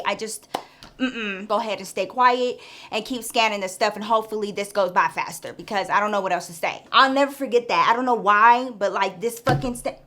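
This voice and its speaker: A woman's voice: mid-range voice, fairly bright tone. A woman vlogger telling a story in a frank, chatty way, talking straight to the listener. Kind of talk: casual storytime chat.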